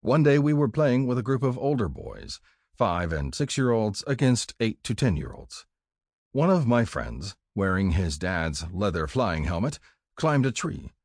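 An older man from California reading his own memoir aloud in a measured, plain storytelling manner. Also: deep voice, slightly rough, dry recording, clean studio sound. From California, USA. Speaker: author narrating his memoir. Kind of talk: audiobook memoir narration.

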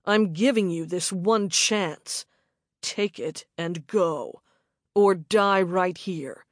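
A woman voicing a calm, menacing man who threatens in a slow, low growl in a storybook reading. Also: no echo, clean studio sound. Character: menacing adult male attacker, calm and cold.

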